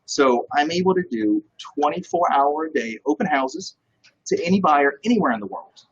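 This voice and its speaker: A man's voice: fairly high pitch, moderate pace, breathy edge, highs cut off. A man, a real estate broker, talking as a guest in a casual interview and telling stories with lots of energy. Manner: energetic, animated storyteller.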